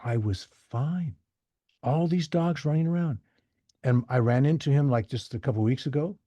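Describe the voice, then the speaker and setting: Husky-voiced man telling animated stories. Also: medium pitch, moderate pace, dry recording. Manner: animated, acts out quoted voices. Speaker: podcast guest. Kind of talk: casual storytelling.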